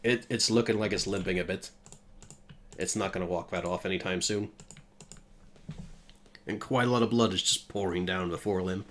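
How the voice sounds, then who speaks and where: A man's voice: low-pitched, moderate pace, pauses often, a little hiss or hum. Game master, male, easy narration of combat blows, faint typing in the background. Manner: relaxed, descriptive narration of combat.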